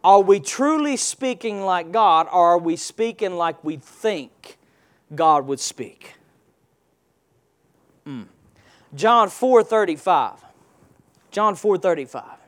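A man's voice: high-pitched, animated, takes it slowly, pauses often. A male pastor preaching a sermon, firing rhetorical questions and call-and-response prompts at his congregation.

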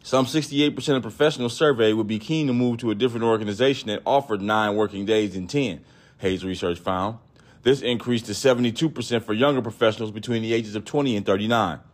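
Profane, animated man telling a story. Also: on the low side. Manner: profane, animated, acts out quoted voices. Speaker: podcast host. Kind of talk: casual storytelling rant.

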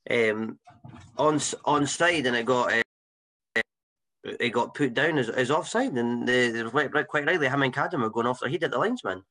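A Scottish man on a podcast, retelling match moments in a hesitant, lively way. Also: medium pitch, normal speed. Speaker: podcast co-host. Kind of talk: casual football chat.

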